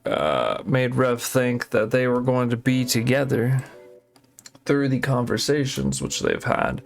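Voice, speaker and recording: A man narrating commentary in a halting, rambling way with many fillers and restarts. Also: medium pitch, vocal fry.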